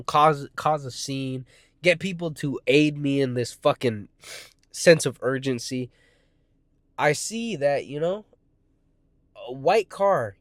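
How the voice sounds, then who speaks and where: A man's voice: a little high, no room sound, clean studio sound. Profane young man telling a story. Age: 20s. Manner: profane, rambling, frequent swearing; restarts and self-corrections. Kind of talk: casual storytime monologue.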